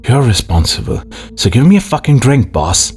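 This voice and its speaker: A man's voice: medium pitch, sing-song, normal speed, darkish tone, breathy edge, faint music behind, pitched above the performer's own voice. A man voicing a sick, crafty man who whines and snarls for a drink, in an audiobook reading. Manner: whining, snarling, pleading.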